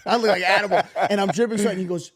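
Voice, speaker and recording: A man in his thirties co-hosting a podcast, telling a story in casual, profane chat and acting out the voices with big jumps in pitch. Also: steady tone, racing. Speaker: podcast co-host.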